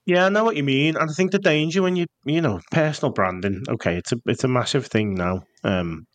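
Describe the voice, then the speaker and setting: A man's voice: mid-range voice, a little fast, no room sound. A man with a Scouse accent, a guest in a casual interview, talking bluntly and jokily with some swearing. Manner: blunt, jokey, swears freely. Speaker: guest copywriter.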